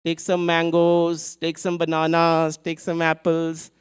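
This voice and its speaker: A man voicing a simple village fruit-selling woman in a sermon story, calling out her wares in a raised, drawn-out sing-song. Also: mid-range voice, animated, darkish tone, voice pushed up, natural voice.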